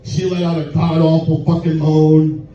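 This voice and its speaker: A man doing crude stand-up at a bar open mic, telling a raunchy story in a deadpan way. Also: on the high side, moderate pace. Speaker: stand-up comedian. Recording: echoey, distant, muffled room recording with noise.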